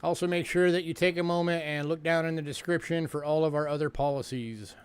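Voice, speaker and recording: This New York man is hosting a coin sale livestream in a casual sales patter, chatty, full of fillers and repeating himself. His voice sits on the high side with fairly even intonation and a brisk pace. The tone is clear and resonant.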